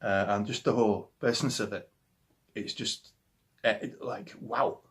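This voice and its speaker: A man's voice: lowish voice, fairly even intonation, moderate pace. Rambling Yorkshire man talking about music. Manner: enthusiastic and rambling, with frequent restarts. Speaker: musician guest. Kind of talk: casual talk about favourite records.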